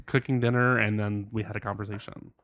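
A man's voice: on the low side, flat delivery, fast talker, fairly bright tone, dry recording, studio quality. A man co-hosting a podcast, chatting casually and joking with lots of laughter. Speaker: podcast co-host. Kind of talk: casual chat.

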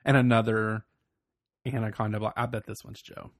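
A man's voice: little pitch movement, moderate pace, no room sound. Gossipy man co-hosting a podcast, dry sound. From Virginia. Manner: giggly and gossipy, slips into high mocking voices. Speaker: podcast co-host. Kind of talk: casual podcast chat.

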